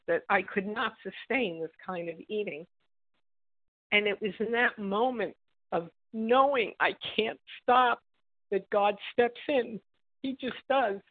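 A woman's voice: medium pitch, no room sound. Earnest woman sharing, tinny call audio. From Israel. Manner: earnest, halting, with fillers and throat clearing. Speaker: meeting member sharing. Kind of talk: personal share at a recovery meeting.

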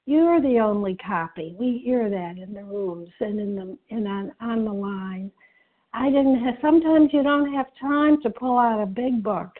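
A woman giving an earnest personal share at a recovery meeting, pausing often with fillers. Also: on the high side. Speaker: meeting member sharing. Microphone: phone conference call. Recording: tinny phone line.

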